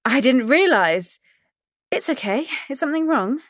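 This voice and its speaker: A woman's voice: mid-range voice, moderate pace, no echo, studio quality, close to an everyday voice. A woman narrator voicing a chirpy, pushy woman who gushes over everyone on a cruise. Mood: flustered. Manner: chirpy, effusive.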